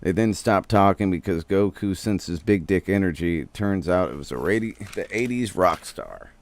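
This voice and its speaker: Low-voiced, foul-mouthed man streamer. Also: normal speed, dry recording. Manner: rambling, heavy swearing, slangy. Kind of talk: casual comic show recap.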